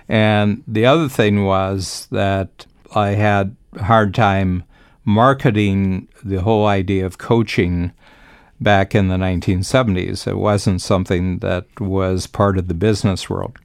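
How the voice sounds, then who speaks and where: A very low, gravelly voice belongs to an older man speaking with easy confidence on a business podcast. He talks in long, reflective stretches. The sound is close and dry, with no room around it. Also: no echo. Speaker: business coach and podcast host. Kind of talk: conversational podcast talk.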